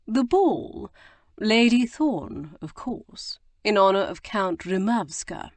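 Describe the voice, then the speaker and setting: A woman reading an audiobook, voicing an agitated, guilt-stricken young gentleman who bursts into exclamations. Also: mid-range voice, animated, slow pace, dry recording, voice pushed up. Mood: demanding. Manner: distraught, exclamatory outbursts. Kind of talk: audiobook character voice.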